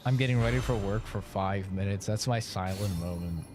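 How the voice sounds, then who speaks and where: A man's voice: fairly low pitch, normal speed, music in the background. A man streaming a game, chatting casually in a profane, laid-back, rambling way. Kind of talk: casual chat while gaming.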